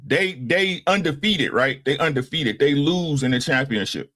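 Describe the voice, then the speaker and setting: A older man in his sixties on a casual talk show, with a slightly high voice for a man. He lays out his opinions bluntly and profanely, stopping to check in with a "right?" after nearly every point. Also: animated, normal speed, a bit bright. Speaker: podcast co-host.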